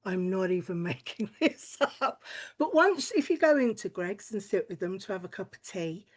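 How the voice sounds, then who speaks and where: A woman's voice: medium pitch, very animated, moderate pace. A woman doing a crude, chatty stand-up routine, full of "like" and swearing. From lives in Wales, not Welsh-born. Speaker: stand-up comedian.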